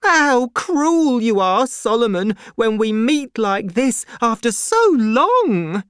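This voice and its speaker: Woman doing a shrill tearful Englishwoman. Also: big pitch swings, slow pace, clean tone, dry recording, clean studio sound. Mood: tearful pleading. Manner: high, pleading and shrill. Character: tearful emotional Englishwoman, middle-aged.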